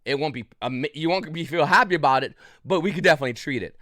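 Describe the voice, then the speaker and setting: Coughing man telling a story, slightly high voice. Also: fast talker, sharp tone, no echo, studio quality. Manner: rambling, with many restarts and coughs. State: short of breath, coughing. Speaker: YouTube channel host. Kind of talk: casual storytelling to camera.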